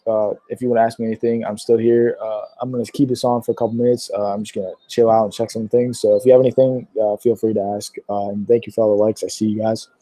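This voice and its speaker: A nineteen-year-old man answering viewer questions on a casual livestream, his voice mellow and dark in tone and slightly low in pitch. He rambles in an offhand way, dropping plenty of "uh"s between answers. The sound is dry and close, with no room echo. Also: little pitch movement, fast, few pauses. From Pittsburgh, Pennsylvania. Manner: rambling, filler-heavy, many "uh"s.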